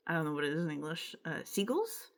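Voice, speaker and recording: A woman's voice: low voice, very animated, quick pace, slight background noise. A young woman from Quebec with a Quebec French accent, telling a rambling, emotional personal story in a casual vlog. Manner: rambling, emotional, with filler words and self-interruptions. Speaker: vlogger.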